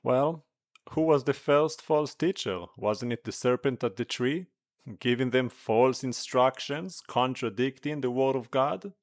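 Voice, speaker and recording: A man doing a soft-spoken curious student. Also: medium pitch, unhurried, close to an everyday voice. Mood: inquisitive. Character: curious adult male student asking questions.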